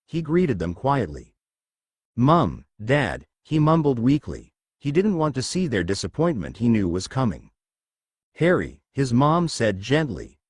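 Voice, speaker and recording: A man narrating fan fiction aloud in a steady storybook manner. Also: medium pitch, no room sound, studio quality.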